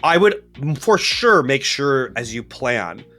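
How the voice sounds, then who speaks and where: A man co-hosting a casual chat, giving game-running advice in an animated way and often tagging his sentences with "right?". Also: medium pitch, slow, soft background music.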